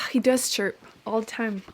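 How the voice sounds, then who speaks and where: A woman's voice: a little high, fairly even intonation, a little slow. A woman book vlogger chatting casually at home to a microphone, giggly and self-deprecating as she reacts to what she reads. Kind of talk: casual reading vlog chat. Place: indoor room at home.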